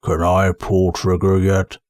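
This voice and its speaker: A man voicing a huge, slow-witted male troll guard who rumbles in broken grammar. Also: monotone, darkish tone, no room sound, clean studio sound. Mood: rumbling.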